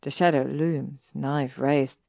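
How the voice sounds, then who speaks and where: A woman reading fan fiction aloud in a calm, even narration. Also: rumbling low, slow pace, vocal fry, dry recording, clean studio sound. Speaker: story reader.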